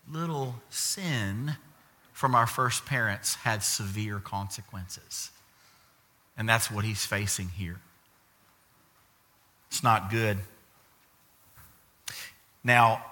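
A man old enough to have a grandson preaches in a very bright, mid-pitched voice. He tells stories with energy and acts out the voices of the people in them. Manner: animated storytelling, acts out quoted voices. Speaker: pastor. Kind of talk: sermon.

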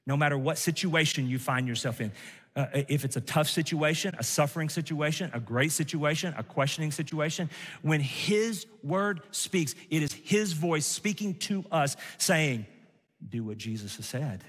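A man's voice: a little high, moderate pace, a bit bright, husky, big-room sound. A male pastor preaching an emphatic sermon to a congregation, with asides to the listeners.

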